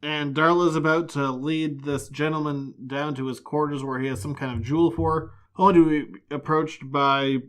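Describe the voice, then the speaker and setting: A man's voice: fairly high pitch, steady tone, normal speed, hardly any pauses, a bit bright. A man co-hosting a podcast, recapping comics in casual chat with wry, sarcastic asides. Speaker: podcast co-host.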